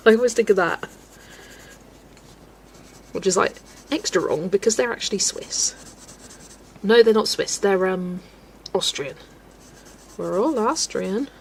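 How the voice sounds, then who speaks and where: Chatty woman, gravelly voice. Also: medium pitch, unhurried, pauses often, slight background noise, low-quality recording. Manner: chatty, laughs often, animated rants. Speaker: colouring livestream host. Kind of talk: casual live-stream chat while colouring.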